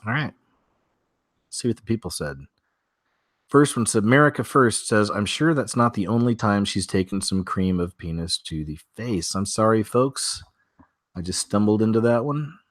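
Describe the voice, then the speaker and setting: A man's voice: lowish voice, normal speed, dry recording, clean studio sound. A man hosting a weekly strange-news show from home, talking casually and rambling through stories with many fillers and restarts.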